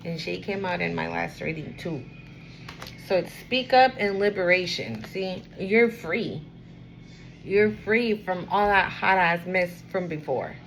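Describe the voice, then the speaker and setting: A woman giving a casual spiritual card reading to camera, rambling and encouraging the viewer, sometimes dropping to a quieter murmur. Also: lowish voice, slight background noise, rough recording. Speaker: tarot and oracle card reader.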